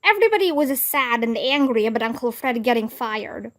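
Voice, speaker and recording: A woman reading a children's book aloud with expressive storytelling. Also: a little high, fairly quick. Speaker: read-aloud narrator.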